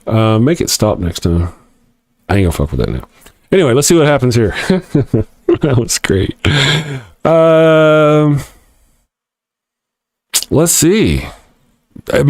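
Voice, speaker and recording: Middle-aged male host, irreverent and mocking, slightly high voice. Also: sing-song, slow pace, long pauses, a little mellow, no room sound. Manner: irreverent, mocking, laughs often. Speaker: host of a live atheist morning show. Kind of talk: casual live-stream talk reading viewer comments.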